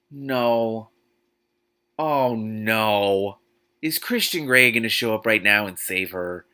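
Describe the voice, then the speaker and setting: Brief: male host, book reading with snarky asides, lowish voice, bright tone. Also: gravelly. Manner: exasperated, sarcastic asides.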